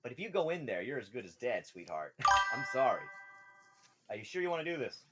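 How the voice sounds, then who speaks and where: A man's voice: medium pitch, sing-song, a little fast, over music, voice pushed down, close to an everyday voice. An actor playing a male drow guard who sweet-talks and then turns threatening, in a tabletop game. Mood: warning.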